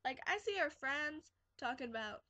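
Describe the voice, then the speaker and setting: A woman's voice: sits high, lively intonation, normal speed, pushed and bright, no room sound, muffled recording. Sarcastic teenage girl ranting. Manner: sarcastic ranting, quotes kids in mocking voices. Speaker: vlogger. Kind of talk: casual rambling vlog. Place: bedroom, sitting on her bed.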